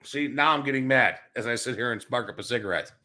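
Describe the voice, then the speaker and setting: A man's voice: medium pitch, quick pace, sharp tone. A man hosting a sports show, ranting bluntly and crudely with plenty of cursing, smoking as he talks. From Chicago area. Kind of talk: profane sports rant. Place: home studio, smoking while talking.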